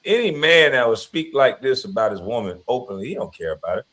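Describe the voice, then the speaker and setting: A man's voice: medium pitch, very animated, fast talker, fairly bright tone. A man giving casual commentary in a blunt, preachy, moralizing way.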